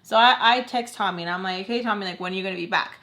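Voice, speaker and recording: A woman's voice: mid-range voice, quick pace, noisy background. A young woman vlogger telling a personal story in a casual, candid way, swearing freely and saying "like" often. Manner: candid and blunt, swears freely, chatty with many "like"s. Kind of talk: casual storytime while doing makeup.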